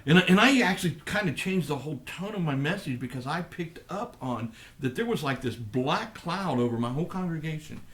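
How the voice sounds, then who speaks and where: A middle-aged man, a pastor, talking on a live ministry program in a thoughtful, halting way with many restarts. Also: a little high, lively intonation, fairly bright tone. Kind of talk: live radio ministry talk.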